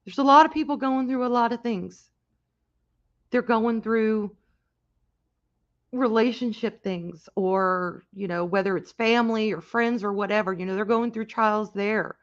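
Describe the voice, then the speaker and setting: A woman hosting a casual livestream, talking in a halting, emotional way with many restarts and reading out chat comments. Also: on the high side, lo-fi sound. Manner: reads and answers chat comments. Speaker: livestream host.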